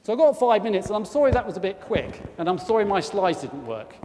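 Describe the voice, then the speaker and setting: A man's voice: sits high, big pitch swings, quick pace, mellow. A man with a South East English accent giving an informal talk to a church congregation as a guest speaker, chatty and forever asking the room tag questions. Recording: long church reverb, faint noise.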